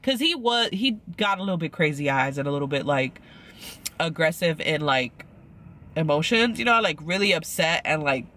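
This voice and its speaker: With a fairly high, animated voice that sounds pushed and bright, a man talks at normal speed through a reality show recap. His delivery is casual and meandering, full of "like," and he acts out the quotes.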